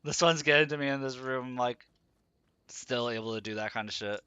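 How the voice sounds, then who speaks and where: A man's voice: medium pitch, moderate pace, sharp tone, smooth, no room sound, highs cut off. A male streamer chatting casually with viewers over gameplay in a laid-back way. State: sleepy, yawning. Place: room at home.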